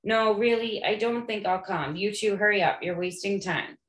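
A woman's voice: mid-range voice, normal speed, a bit bright, pitched above the performer's own voice, natural voice. A woman reading aloud voices a hesitant, insistent schoolgirl witch who is hiding from her friends. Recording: echoey room.

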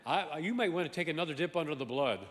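A man preaching a sermon as pastor, animated and emphatic, swinging from loud exclamations to quiet asides and often repeating words. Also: a little high, racing, in a large hall. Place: large church sanctuary.

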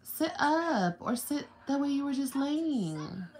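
A woman's voice: high voice, big pitch swings, slow, a little mellow, a little hiss or hum. A young woman vlogger chatting casually on a livestream from home, often slipping into playful, laughing baby talk with her little son.

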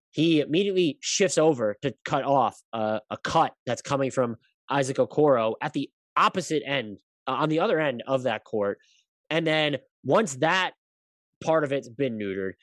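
A man's voice: mid-range voice, no room sound. A man hosting a basketball podcast, talking casually in a rambling way, often correcting himself, stammering through details and swearing now and then.

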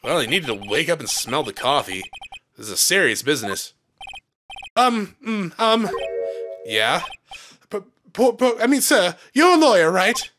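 A deadpan young lawyer, as a man voices him, low and muttering with a wry edge. Faint music plays underneath. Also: unhurried, long pauses.

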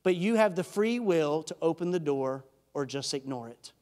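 A man, a pastor, giving an earnest, emphatic sermon that swings from loud peaks to hushed, intimate drops. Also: a little high, expressive, normal speed. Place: church sanctuary. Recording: church hall reverb.

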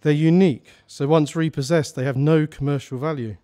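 A man reading as a brisk, reassuring charity woman. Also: fairly high pitch, steady tone, warm tone, lightly acted.

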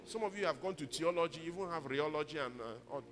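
A male preacher delivers a sermon in a bright, forceful voice. He speaks emphatically and leads the congregation in call-and-response. Faint music sits behind him. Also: on the high side, quick pace, in a large hall. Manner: emphatic, rises to loud exhortation.

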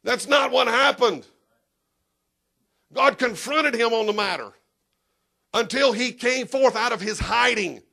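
A man preaching a sermon as pastor in a church, emphatic and animated, breaking into shouts and talking straight to the congregation. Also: very high-pitched, unhurried, gravelly, long pauses.

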